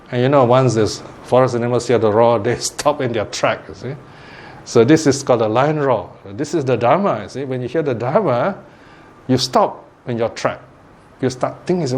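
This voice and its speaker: A man giving a dharma talk, telling a parable in a lively, animated way and often laughing. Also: medium pitch, moderate pace, slight background noise. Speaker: Buddhist teacher.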